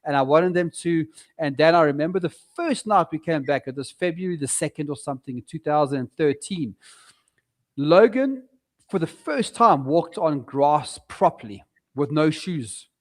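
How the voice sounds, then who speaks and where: A man's voice: on the high side, normal speed. Middle-aged south african guy on a podcast, chatty, tells stories like he's acting out the scenes. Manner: animated storyteller, acts out his own past words. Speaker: guest property investor. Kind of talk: casual podcast interview.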